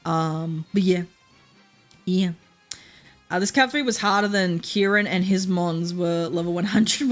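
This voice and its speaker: A woman's voice: medium pitch, fairly bright tone. Chatty Queensland Australian woman streamer. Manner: chatty, rambling, laughs often, many fillers. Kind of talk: casual gameplay chat.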